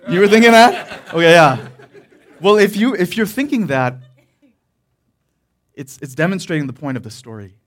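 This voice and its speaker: A male pastor delivers a sermon through a loose personal story, his voice sitting somewhat high. He rambles, restarts his sentences and breaks into laughter as he goes. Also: big pitch swings, normal speed, pauses often.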